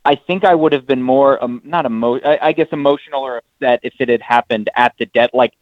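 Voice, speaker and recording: A man's voice: medium pitch, a little fast, no room sound. A man talking as a guest in a casual chat, rambling and often restarting his sentences. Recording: phone line.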